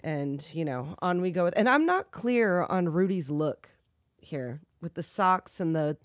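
A woman's voice: fairly low pitch, lively intonation, a little slow, no echo, clean studio sound. A woman casually recapping a movie with a friend, laid-back and profane, laughing often. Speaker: podcast co-host.

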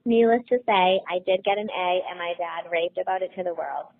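A woman speaks in an earnest, heartfelt tone as she delivers a tribute. Her voice sits on the lower side and comes through thin and tinny, like a phone line. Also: a little fast. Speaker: daughter giving a tribute. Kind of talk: read tribute message. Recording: phone-like audio.

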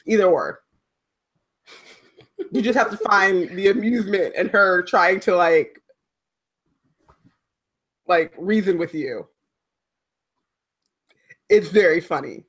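A woman co-hosting a casual podcast, animated and teasing, leaning on "like" and acting out the voices she quotes. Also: medium pitch. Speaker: podcast co-host. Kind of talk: casual chat.

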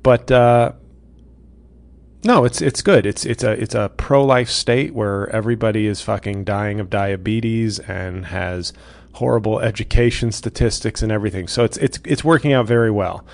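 Gravelly, sarcastic male comedian ranting. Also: fairly low pitch, normal speed, darkish tone. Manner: sarcastic, profane, frequent restarts. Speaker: comedian podcast host. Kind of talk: profane comedic rant.

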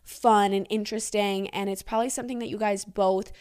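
A woman's voice: medium pitch, fairly quick, smooth. Giggly young woman podcast host. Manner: chatty, giggly, animated reactions. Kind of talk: reading and reacting to listener secrets.

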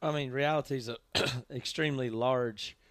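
Man, co-host, thoughtful slow explaining, mid pitch, dry close mic. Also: fairly even intonation, fairly bright tone, dry recording. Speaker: podcast co-host. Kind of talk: casual podcast chat.

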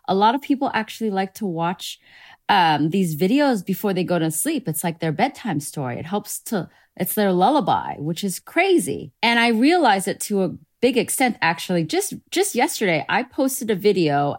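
A woman dermatologist, a guest in an interview, explaining her work in a lighthearted, chatty way. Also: medium pitch. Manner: lighthearted, explanatory, with casual fillers. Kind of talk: conversational interview.

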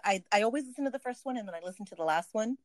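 A woman co-hosting a podcast in casual chat, lively and teasing, quick to giggle. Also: a little high, no room sound. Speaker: podcast co-host.

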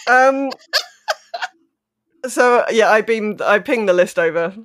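A woman's voice: medium pitch, lively intonation, slow, a bit bright. A woman speaking as a player in a tabletop role-playing game, polite and a little hesitant.

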